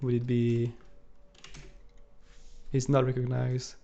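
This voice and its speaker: A man's voice: medium pitch, monotone, slow, gravelly, dark tone, dull audio. Man, live stream co-host, casual coding walkthrough, thinks aloud, keyboard clicks behind. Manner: thinks aloud while typing, with frequent fillers. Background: keyboard typing and clicking.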